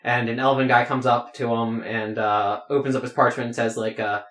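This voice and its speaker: A man's voice: medium pitch, level tone, moderate pace, fairly bright tone. Rambling man narrating a tabletop game. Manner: rambling, many fillers. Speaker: game master. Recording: roomy echo.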